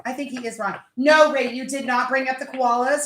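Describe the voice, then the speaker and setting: A woman's voice: sits high, fairly even intonation, fairly quick, fairly bright tone, reverberant, a little hiss or hum. A woman hosting a casual live chat with viewers, talkative and laughing as she drinks. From Pennsylvania. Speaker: livestream host.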